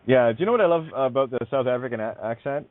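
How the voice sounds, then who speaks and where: A man's voice: medium pitch, expressive, quick pace, no echo. A man hosting a casual radio chat, rambling and musing, often dropping into mock accents. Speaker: host. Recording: dry tinny phone-like line.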